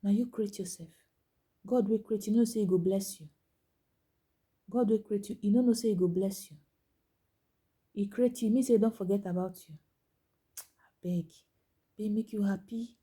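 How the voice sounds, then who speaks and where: A woman speaking Nigerian Pidgin in a motivational monologue, urging listeners with repeated phrases, rising to loud emphasis and dropping to hushed whispers. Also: mid-range voice, moderate pace, pauses often, husky. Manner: exhorting, repetitive, swings between loud emphasis and hushed whispers.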